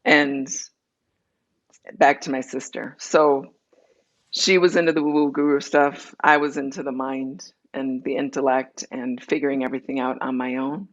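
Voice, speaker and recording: A woman's voice: very deep voice, flat delivery, lo-fi sound. A woman being interviewed, telling her personal story candidly and acting out the dialogue as she goes. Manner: candid, tells her story in quick runs with acted-out dialogue. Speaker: interview guest.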